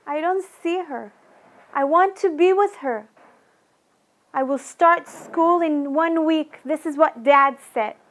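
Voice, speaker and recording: A woman tells her life story as a dramatic monologue in a high voice. She speaks slowly and haltingly, voicing the fears of her younger self. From Iran. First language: Persian. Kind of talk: dramatic first-person monologue.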